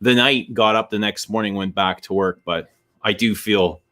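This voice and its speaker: A man's voice: fairly low pitch, steady tone, moderate pace, bright, forceful tone. A middle-aged Canadian man with a Canadian accent, co-hosting a stream in casual, rambling chat with many restarts. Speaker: stream co-host.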